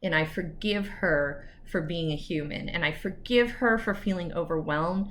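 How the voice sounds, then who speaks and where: A woman's voice: lowish voice, moderate pace, slight background noise. A woman lawyer talking candidly to camera in a personal vlog, chatty with asides.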